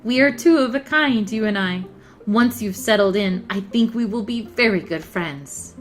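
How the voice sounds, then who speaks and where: A woman's voice: medium pitch, moderate pace, soft background music, close to an everyday voice. A woman reading the lines of a haughty, condescending rich schoolgirl who lectures in a superior tone. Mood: lecturing.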